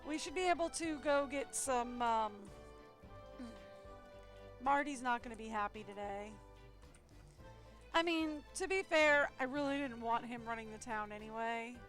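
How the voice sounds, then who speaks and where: A woman's voice: a little high, a little slow, pauses often, a bit bright. A woman streaming a game live, musing and rambling aloud as she plays. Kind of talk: casual live-stream commentary. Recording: game music faintly behind.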